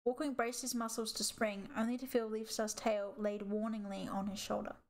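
A woman reading a children's animal novel aloud as audiobook narration in a steady storytelling way. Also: mid-range voice, moderate pace, a little hiss or hum. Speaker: audiobook reader.

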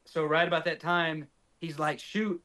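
A man's voice: mid-range voice, moderate pace. Man telling a hunting story. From north Texas. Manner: animated, acts out quoted dialogue. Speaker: podcast guest, hunter. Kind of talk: casual storytelling.

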